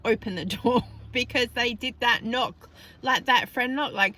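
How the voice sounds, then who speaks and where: A woman's voice: fairly high pitch, measured pace, bright, forceful tone. A middle-aged Australian woman vlogging from her parked car, chatting casually and laughing often as she tells stories. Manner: chatty, laughs a lot while telling stories. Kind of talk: casual chat.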